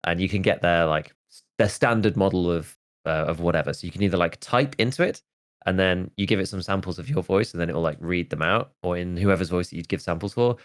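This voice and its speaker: A man's voice: low voice, fast talker. A man in his thirties, a podcast host chatting casually and rambling, with lots of "like" and restarts. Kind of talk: casual chat.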